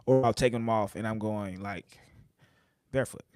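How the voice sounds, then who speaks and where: A man's voice: on the low side, normal speed, a little mellow, smooth, no echo, clean studio sound. A young American man co-hosting a fitness podcast, laid-back and joking in casual banter. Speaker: podcast co-host. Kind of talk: casual chat. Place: podcast studio.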